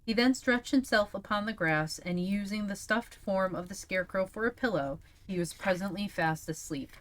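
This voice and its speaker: A woman's voice: medium pitch, moderate pace, fairly bright tone. A young woman streamer reading a storybook aloud live, breaking off for playful chat asides.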